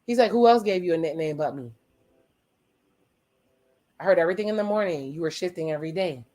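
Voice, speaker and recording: A watch-along host giving casual reaction commentary, retelling the dialogue in quick quoted voices with profane, wry asides. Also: mid-range voice, lively intonation, a little mellow.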